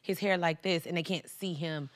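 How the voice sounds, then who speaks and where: A young actress chatting as a podcast guest. Her voice sits somewhat low, and she tells her story in an earnest, reflective way. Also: fairly even intonation, normal speed. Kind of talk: casual podcast chat.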